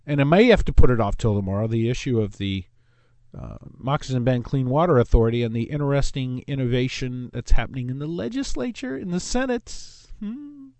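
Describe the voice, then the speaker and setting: A man's voice: mid-range voice, expressive, a little fast, darkish tone, no room sound. Rambling male talk radio host. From Southern California. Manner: rambling, self-interrupting, jokey. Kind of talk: casual talk radio monologue. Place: radio studio.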